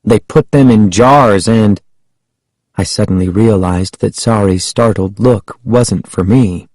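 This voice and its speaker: A man telling a spooky story in a slow, measured way, his voice at an everyday middle pitch. The recording is dry and close, with no room sound. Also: a little mellow, no echo, rough recording. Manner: measured, unhurried first-person telling. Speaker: audiobook narrator. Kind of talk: storybook narration.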